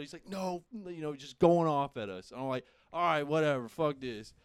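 A young man casually telling a profane, animated story among friends, laughing often. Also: a little high, fairly quick, few pauses, clear, resonant tone, dry recording. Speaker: podcast host.

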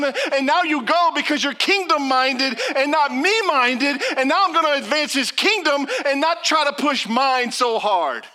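High-pitched, animated male preacher. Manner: animated storytelling preacher, acts out quotes. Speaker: pastor. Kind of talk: sermon.

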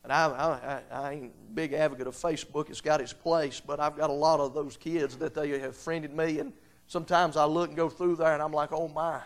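A man preaching a revival sermon, swinging between quiet low pleading and loud, high-pitched exhortation in folksy plain speech. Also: flat delivery, fairly quick. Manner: folksy Southern-style grammar, "ain't", "I seen".

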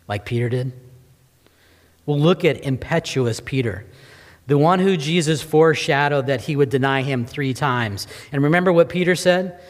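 An earnest man preaching a sermon, reading scripture before turning to rhetorical questions. His voice sits in a middle pitch and often drops low at the ends of phrases. A long reverb trails behind him, like a large hall.

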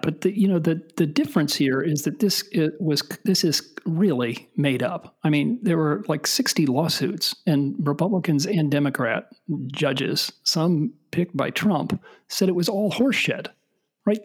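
A man's voice: a little high, a little mellow, breathy edge. A middle-aged man hosting a casual political podcast with his sons, wry and rambling, often trailing off. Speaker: podcast host and father.

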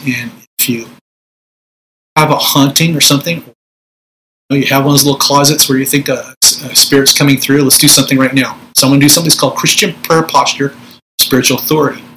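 A man's voice: medium pitch, steady tone, fast talker, pushed and bright, a little hiss or hum, poor audio. Conversational man preaching on spiritual warfare. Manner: conversational preaching, acts out prayers with commanding force. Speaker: Pentecostal minister.

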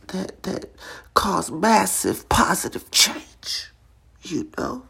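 A woman hosting a podcast, speaking in a raw, emotional and confessional way. She drifts between tearful and hushed, and moves into prayer. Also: medium pitch, big pitch swings, slow, vocal fry. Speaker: podcast host.

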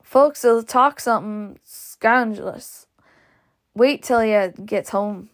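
A woman's voice: on the high side, slow. A woman voicing a fussy, fretful old male carriage driver who scolds his passengers. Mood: scolding.

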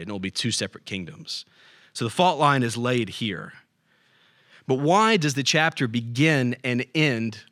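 Man, pastor, conversational sermon, mid pitch, dry close mic. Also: fairly bright tone, no room sound. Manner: conversational, asks the room "right?".

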